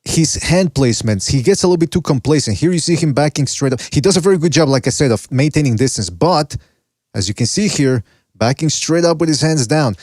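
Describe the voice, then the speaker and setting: A man's voice: fairly high pitch, expressive, a little fast, no echo, studio quality. A man hosting a boxing podcast in casual chat. He talks in a brash, loose way, swears freely and walks viewers through fight clips. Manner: brash, swears, gives shout-outs.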